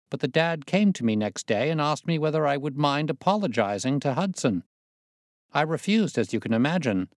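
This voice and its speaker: A man narrating a classic story aloud in a steady, measured reading voice. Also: mid-range voice, dry recording, clean studio sound.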